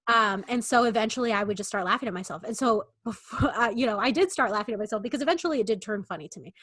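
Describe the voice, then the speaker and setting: A woman's voice: a little high, very fast, fairly bright tone, no echo. Young woman, podcast co-host, rambling self-mocking storyteller, dry close sound. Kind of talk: casual storytelling chat.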